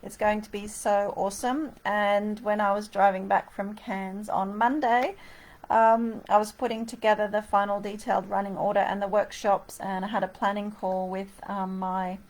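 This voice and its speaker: A woman's voice: mid-range voice, level tone, normal speed, darkish tone. A middle-aged woman, chatting casually and upbeat to camera about wellness and her plans, with lots of fillers and asides. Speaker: wellness author and workshop host. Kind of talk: casual reflective vlog to camera.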